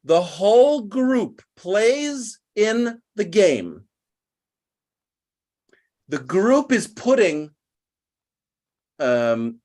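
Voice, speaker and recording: A man's voice: big pitch swings, extremely slow, pauses often, darkish tone. A man hosting an online group, ranting angrily and bitterly at its members and swearing as he goes. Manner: heated, bitter, swearing, with big swings in pitch. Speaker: host of an online English class group. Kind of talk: angry rant to an online group.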